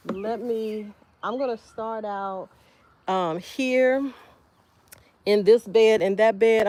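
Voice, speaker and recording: A woman's voice: medium pitch, dry recording. Chatty woman livestreaming from her garden. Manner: chatty, thanks viewers by name, talks while working. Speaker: homestead livestreamer. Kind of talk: casual livestream chat while gardening. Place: outdoor garden beds.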